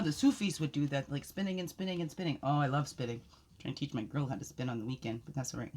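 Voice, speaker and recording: A woman's voice: low voice, fast. Rambling woman reading spirit cards. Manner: rambling, expressive, laughs and sighs often. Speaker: oracle card reader. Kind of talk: casual spiritual card reading.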